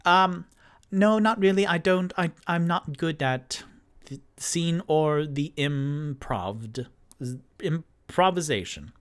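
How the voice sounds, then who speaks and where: A shy, fumbling young clerk, as a man puts him on in a tabletop game, stammering through his words. The voice sits well above the performer's own and slows to a careful pace. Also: on the high side, animated, smooth, voice pushed up. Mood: flustered. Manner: hesitant, stumbling over words.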